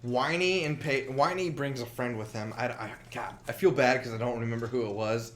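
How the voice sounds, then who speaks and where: A podcast guest tells a story in casual conversation, talking fairly quickly in a mid-range voice. He is animated, swears a lot, and acts out what people said.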